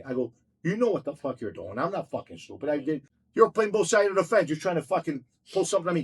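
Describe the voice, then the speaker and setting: A man's voice: on the high side, expressive, fast, slightly rough. A man telling his own stories in a casual chat, blunt, heated and full of swearing. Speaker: storyteller recounting his own run-ins.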